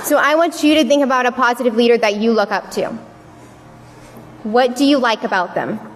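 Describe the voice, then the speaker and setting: A woman's voice: fairly high pitch, fairly quick, slight background noise. Young woman telling her story in a hall. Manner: storytelling, acting out what people said. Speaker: youth speaker at a church service. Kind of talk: personal story speech. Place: large worship hall. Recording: long reverb of a large hall.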